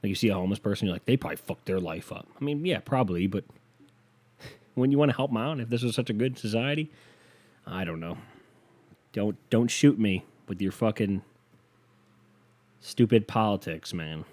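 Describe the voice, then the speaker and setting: A man's voice: lowish voice, lively intonation, normal speed, long pauses, a little mellow. A man from the United States doing a solo comedic rant, profane, rambling and self-mocking.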